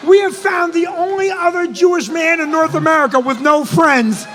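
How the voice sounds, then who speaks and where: High-pitched man, comic storyteller, animated and profane, long hall reverb. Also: normal speed, some chatter behind, a little hiss or hum. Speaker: comedian co-host.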